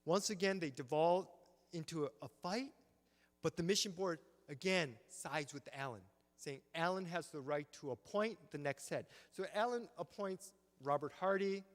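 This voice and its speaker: Guy with a high voice giving a lively history talk, lots of "right?", big church hall echo. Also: moderate pace. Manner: animated storytelling, acts out quotes, frequent "right?". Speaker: symposium lecturer. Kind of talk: history lecture. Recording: long reverb of a church hall.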